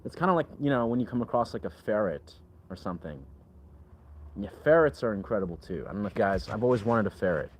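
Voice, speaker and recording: Rambling man with a lowish voice. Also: animated, fast talker, breathy edge. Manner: rambling, leans heavily on filler "like". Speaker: livestreamer reading chat. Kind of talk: casual livestream chat.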